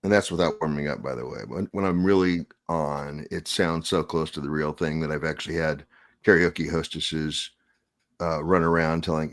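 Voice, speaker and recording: Super deep west coast american guy, joking around on a coding stream. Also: steady tone. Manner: jokey, chatty, quick to laugh. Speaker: co-host of a live coding Q&A. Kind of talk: casual chat.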